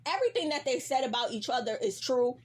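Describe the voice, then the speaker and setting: Young female recap host, animated, slangy, husky. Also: high-pitched, fast. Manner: animated, slangy, heavy profanity. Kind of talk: casual TV recap.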